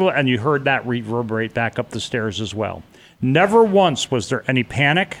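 A middle-aged man tells his story in earnest, halting conversation. He stumbles and restarts mid-sentence and slips into the voices of the people he remembers. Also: medium pitch, animated. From New York. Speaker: interviewee recounting a disaster escape.

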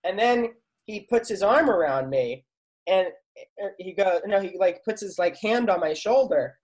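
A man's voice: high-pitched, expressive, unhurried, darkish tone. Male talk show guest, casual storyteller, rambly, heavy on fillers. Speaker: guest, actor and comedy writer.

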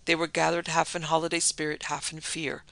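A man narrating a dark tale in a vivid, dramatic storybook reading. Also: fairly high pitch, completely flat delivery, fairly quick, vocal fry, dry recording.

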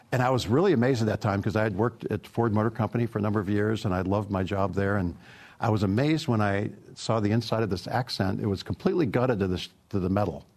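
Man, middle-aged, low voice, gravelly, easygoing anecdotal interview answers. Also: a little mellow. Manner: easygoing, anecdotal, many fillers. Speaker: automotive product executive.

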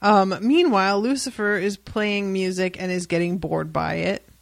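A woman hosting a casual book discussion, retelling scenes with animated, dry asides and frequent swearing. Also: medium pitch, moderate pace, vocal fry, no echo. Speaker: podcast host.

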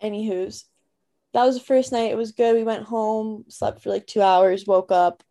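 A woman's voice: medium pitch, steady tone, normal speed, dark tone. A young woman podcast co-host from Canada, chatting casually and telling a story with lots of fillers. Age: young adult.

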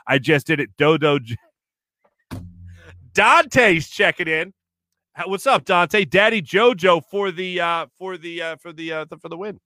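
A man's voice: medium pitch, bright, forceful tone, no room sound, studio quality. A man hosting a casual sports talk show, chatty and rambling, reading out listener comments with many fillers. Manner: reads listener comments aloud. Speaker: sports radio host.

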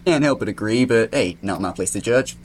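A man's voice: fairly low pitch, animated, brisk, a little hiss or hum. A man hosting a trivia segment on a casual podcast, playful and teasing as he asks and answers questions.

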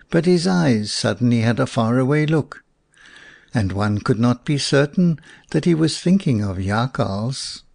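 A man narrating a folk tale audiobook in a slow, expressive storytelling voice. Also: mid-range voice, gravelly, no room sound, studio quality.

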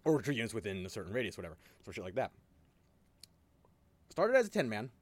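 Casting note: lively-voiced man, podcast host, swears and laughs freely, dry close mic. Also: on the low side, fast, no room sound. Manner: animated storytelling, swears often, laughs a lot. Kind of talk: casual chat.

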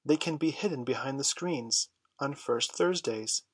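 A man voicing a young girl who acts motherly and gentle, speaking in a husky voice. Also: medium pitch, unhurried, no echo. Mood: reassuring.

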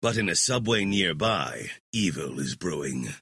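Male host, scripted true-crime narration, lively and dramatic pitch. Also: unhurried, slight background noise. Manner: dramatic, with deep drops on ominous phrases.

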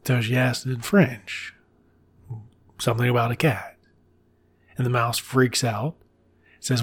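Podcast host, male, husky timbre, loose profane storytelling with side comments. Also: medium pitch, unhurried, long pauses. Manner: irreverent, swears freely, drops asides. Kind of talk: casual profane story retelling.

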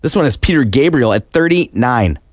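A man's voice: mid-range voice, lively intonation, moderate pace, no room sound. A man co-hosting a podcast, chatting in a wry, teasing way and swearing casually. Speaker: podcast co-host. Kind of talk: casual chat.

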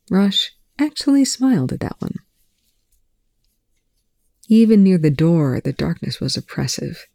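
An audiobook narrator reading prose in an even, measured way. The tone is mellow and dark. The recording is close and dry. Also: medium pitch, gravelly, no echo. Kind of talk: scripted narration.

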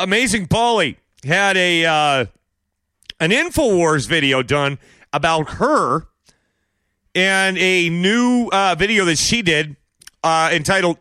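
A man's voice: high voice, no echo, clean studio sound. A man hosting a monologue show, giving opinionated commentary with sarcastic, mocking rhetorical questions. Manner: bursts into exaggerated shouted impressions. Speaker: podcast host.

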